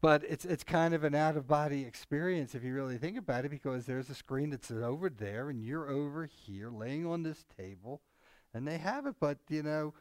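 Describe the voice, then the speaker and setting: In a clean recording with no echo, a Bible study co-host speaks at a moderate pace in a fairly high voice. He's rambling and chatty, full of asides, frequent chuckles, and animated impressions of other people.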